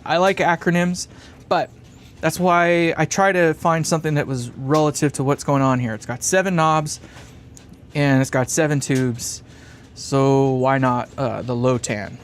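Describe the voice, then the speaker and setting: A man's voice: medium pitch, steady tone, measured pace, slight background noise. A man hosting a live stream from a workshop bench, thinking aloud and chuckling as he reads comments. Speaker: live-stream host building a guitar amp. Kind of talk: casual live-stream chat, reading comments.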